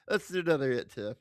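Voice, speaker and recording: A livestream host reacting casually, giggling and swearing while high. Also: dry recording, clean studio sound.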